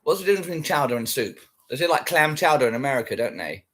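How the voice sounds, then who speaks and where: A man's voice: mid-range voice, expressive, rapid-fire, fairly bright tone. A man chatting casually on a livestream, rambling and swearing while he answers viewers. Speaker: livestream host.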